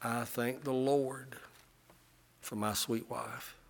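A middle-aged man preaching a sermon, impassioned, swelling to loud peaks and often repeating his words. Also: medium pitch, fairly even intonation, slow pace, vocal fry. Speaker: pastor.

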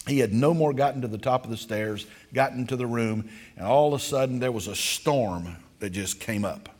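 Folksy preacher in a reverberant church. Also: male voice, medium pitch, darkish tone. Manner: folksy, drawn-out dramatic pauses. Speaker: pastor. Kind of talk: sermon storytelling. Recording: long reverb of a church hall.

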